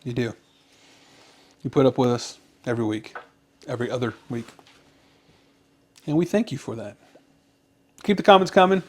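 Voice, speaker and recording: A man co-hosting a casual podcast, telling a long joke with lively character voices. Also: normal speed, pauses often. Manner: animated joke-teller, jumps to high pitch for characters. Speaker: podcast co-host.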